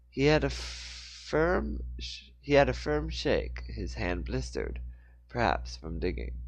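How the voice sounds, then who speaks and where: A man's voice: medium pitch, big pitch swings, a little slow. Man casually reading a book aloud. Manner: informal, stumbles and self-corrects. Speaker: audiobook reader.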